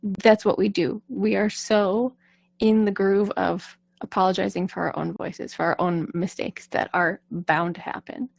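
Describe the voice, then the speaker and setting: A young woman voice coach talks through a lesson in an easy, reassuring way, often tossing in "right?". Her voice has a gravelly edge of vocal fry, and the sound is dry and close, with no room in it. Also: medium pitch, little pitch movement, a little slow, dry recording. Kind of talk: casual teaching talk.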